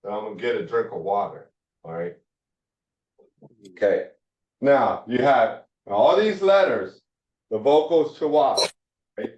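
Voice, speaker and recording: A man teaching a slow Hebrew phonics lesson, sounding out syllables one at a time with many fillers. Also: mid-range voice, lively intonation, darkish tone. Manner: drawn-out, halting delivery with frequent fillers. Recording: echoey, dull room sound from a distance.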